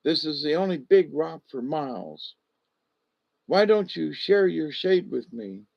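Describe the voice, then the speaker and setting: A man's voice: on the high side, lively intonation, measured pace, gravelly, no room sound, full character voice. A man voicing an impatient, annoyed male snake in a spoken animal story, hissing out complaints, with a dull lo-fi sound. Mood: complaining.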